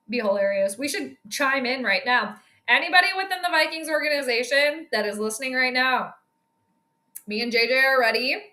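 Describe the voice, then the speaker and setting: A woman with a bright, fairly high voice gives casual live watch-along commentary on a game. She chats and jokes in asides to a co-viewer. The sound is roomy and echoey. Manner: chatty, joking asides to a co-viewer. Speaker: host of a sports live stream.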